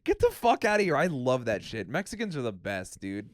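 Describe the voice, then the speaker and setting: A man co-hosting a podcast in casual profane chat, excitable and quick to throw in mock quotes. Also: mid-range voice, dry recording, clean studio sound. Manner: excitable, swears a lot, lively mock quotes. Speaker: podcast co-host.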